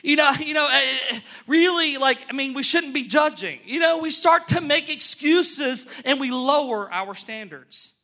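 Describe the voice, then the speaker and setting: A man preaching a sermon, emphatic, calling the congregation to look at him and say amen, slowing on key phrases and speeding through asides. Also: very high voice, animated, sharp tone. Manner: emphatic, calls for amens and attention; shifts between brisk asides and slow stressed phrases. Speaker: pastor.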